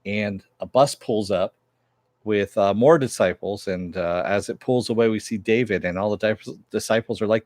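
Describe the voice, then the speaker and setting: A man's voice: on the low side, moderate pace, darkish tone, dry recording, studio quality. A man casually recapping and reviewing a TV episode, rambling with many fillers as he retells the plot.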